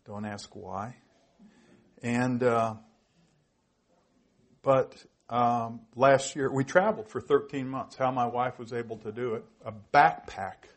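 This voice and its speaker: A man in his sixties delivers a heartfelt sermon testimony with a husky, breathy voice. His pitch sits in an ordinary middle range, and his storytelling grows emotional, at times close to tears. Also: slow pace, pauses often. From United States. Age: 60s. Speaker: preacher.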